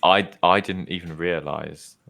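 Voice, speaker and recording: A man's voice: low voice, fairly even intonation, a little slow, creaky, pushed and bright. A young man co-hosting a podcast, telling a story in casual chat and laughing often. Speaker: podcast co-host.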